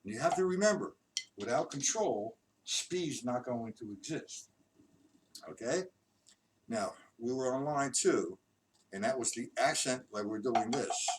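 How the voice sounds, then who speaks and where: A man's voice: medium pitch, expressive, measured pace, pauses often. A man teaching drums in a live stream, counting beats aloud in a loose, chatty way. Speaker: drum instructor. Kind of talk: live-streamed drum lesson. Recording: distant mic, loud background noise.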